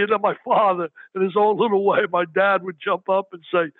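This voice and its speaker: Older man, excitable storyteller, high-pitched, thin phone-like sound, dry. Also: fast talker, few pauses, no echo. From New York area. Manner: animated, exclamatory, raises his voice for quoted arguments. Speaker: guest, sports broadcaster.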